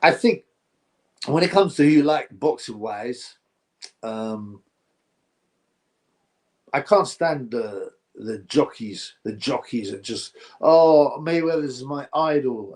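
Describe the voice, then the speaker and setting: A man's voice: mid-range voice, animated, unhurried, long pauses. Man, live-stream host, casual chat, blunt and opinionated, rambling. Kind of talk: casual live-stream chat, reading viewer comments aloud.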